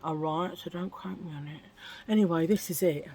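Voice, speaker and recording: A woman's voice: fairly low pitch, moderate pace, darkish tone, slightly rough. A woman chatting casually as a beauty vlogger, self-mocking and laughing at her own corny jokes. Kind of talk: casual get-ready-with-me chat.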